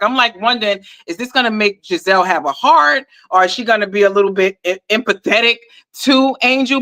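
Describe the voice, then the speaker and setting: Woman, bright voice, animated casual recap chat, slangy. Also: mid-range voice. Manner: animated, emphatic, informal slang. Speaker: podcast co-host.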